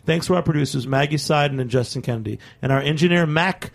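A man's voice: on the high side, fast, gravelly. A man hosting a casual radio talk show in a studio, upbeat and rambling as he wraps up. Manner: upbeat, rambling sign-offs with laughs.

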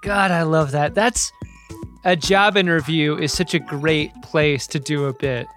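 A man's voice: on the high side, steady tone, a little slow, a bit bright, faint music behind. A man co-hosting a comedy podcast, joking and riffing through bits in casual chat. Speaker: podcast co-host.

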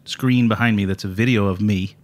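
A man hosting a podcast, telling stories in a casual chat with a co-host, chuckling and trailing off low at the ends of lines. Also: steady tone, fairly quick. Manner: storytelling, chuckling, drops to a low mumble at line ends.

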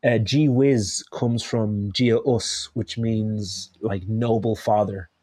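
A man's voice: lowish voice, steady tone, slow pace, dark tone, dry recording. A man with an Irish accent, a chef guest in a casual conversation, who rambles and corrects himself as he tells stories. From Ireland. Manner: rambling, self-correcting storyteller.

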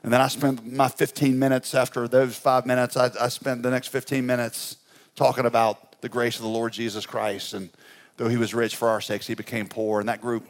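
A male pastor telling a story in a conference sermon, conversational and humorous, his voice climbing high when excited and dropping soft when reflective. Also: fairly quick.

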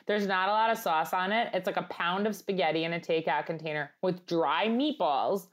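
Woman, Long Island accent, co-host, rambling casual chat, laughs often, slightly low voice. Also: normal speed. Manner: laughing, rambling, reads articles aloud. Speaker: podcast co-host.

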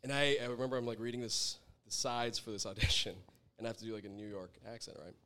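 A man's voice: medium pitch, quick pace, pushed and bright, clear, resonant tone. A young adult man, a chef guest, telling a rambling story in a casual interview, laughing often and swearing freely.

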